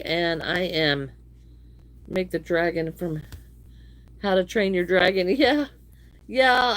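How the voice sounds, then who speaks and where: A middle-aged woman, chatting casually with viewers while she crochets, a little wheezy from allergies. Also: medium pitch. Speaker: crochet livestream host. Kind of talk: casual livestream chat.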